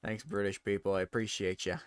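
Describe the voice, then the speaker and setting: A man's voice: on the low side, a little fast, smooth, dry recording, studio quality. A man chatting casually on a live stream while editing photos, giggly and self-mocking.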